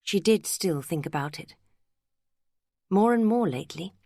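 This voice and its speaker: A woman reads a novel aloud in a measured, even narration. Her voice is low and steady. The sound is dry and close, as from a studio mic. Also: creaky, dry recording. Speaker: audiobook narrator. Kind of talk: scripted narration.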